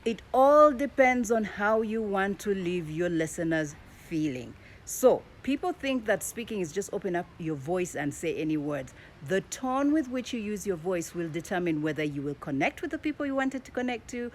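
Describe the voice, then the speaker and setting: A woman coaching public speaking in a live-streamed lesson, swinging between emphatic peaks and quiet low drops. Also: big pitch swings, normal speed, hardly any pauses.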